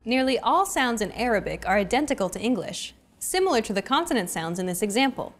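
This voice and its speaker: A woman's voice: on the high side, big pitch swings, fast talker. A young adult woman hosting a language lesson, with a scripted, upbeat coaching delivery.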